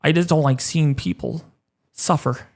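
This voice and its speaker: A man in his thirties hosting a weather livestream, choked up and halting, repeating words as he talks. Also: on the high side, vocal fry, darkish tone. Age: 30s. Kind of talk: emotional livestream talk.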